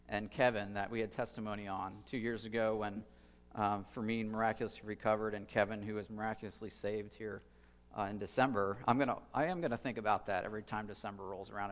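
A man's voice: on the low side, long reverb tail. A man preaching a sermon as a pastor, conversational and thinking aloud, with fillers and restarts.

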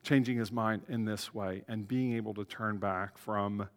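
A man's voice: lowish voice, steady tone, moderate pace, big-room sound. A man pastor giving a conversational sermon, with asides and self-corrections.

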